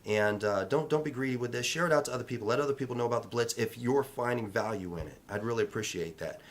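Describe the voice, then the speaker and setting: A man's voice: medium pitch, fast. Emphatic man giving a motivational vlog talk. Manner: emphatic, repetitive, coaching tone. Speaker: real estate vlogger.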